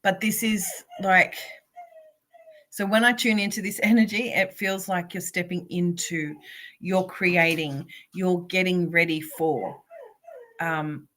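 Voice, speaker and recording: Low-voiced woman giving oracle card readings. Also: steady tone, takes it slowly. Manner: warm, encouraging, addresses viewers by name. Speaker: spiritual coach reading oracle cards.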